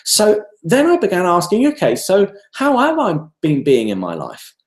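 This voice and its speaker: Male self-development speaker, lively storyteller, rhetorical questions, echoey room. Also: high-pitched, normal speed. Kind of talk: live online talk.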